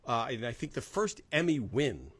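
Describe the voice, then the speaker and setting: A man's voice: mid-range voice, very animated, moderate pace, fairly bright tone, slightly rough. A man hosting a casual fan livestream, chatting loosely with many fillers and greeting viewers by name. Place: home in Southern California.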